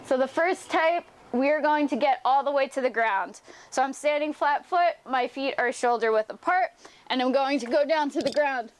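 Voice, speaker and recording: A young woman teaching a home workout, explaining each move step by step as she demonstrates it. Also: sits high. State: out of breath at times. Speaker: fitness teacher. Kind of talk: workout instruction.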